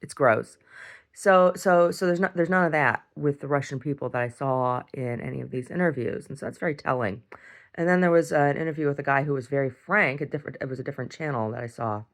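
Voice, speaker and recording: A woman's voice: a bass voice, quick pace. A woman talking casually in a video diary, rambling and often repeating words and restarting sentences. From United States. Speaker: video diarist.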